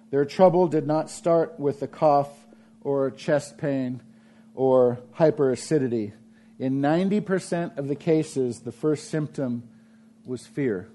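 A man preaching a sermon in a church, emphatic and repeating phrases, swinging between loud and soft delivery. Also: a little high. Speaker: pastor.

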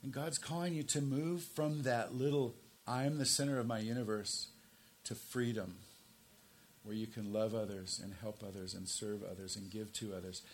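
A man's voice: fairly even intonation, normal speed, slight background noise. Emphatic pastor in his sixties. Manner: emphatic, rises to forceful stresses then drops low and quiet. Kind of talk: sermon.

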